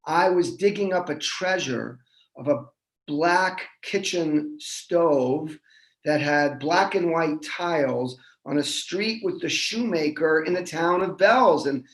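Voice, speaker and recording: A man doing an excitable high-voiced friend. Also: slow, reverberant. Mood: amused. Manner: excited, sarcastic, laughing.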